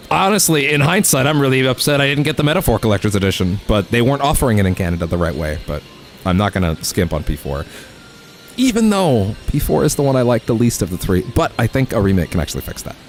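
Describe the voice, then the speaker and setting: A male let's play host chats loosely into a studio microphone, circling his point with fillers and restarts. His pitch is lively and moves around a lot. Faint music plays under him. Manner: rambling, with many fillers and self-corrections. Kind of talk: casual gaming commentary. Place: home recording setup.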